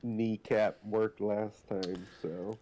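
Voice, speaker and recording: A man playing in a tabletop game, talking in a slow, hesitant way. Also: lowish voice, steady tone, warm tone. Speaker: player. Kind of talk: casual chat.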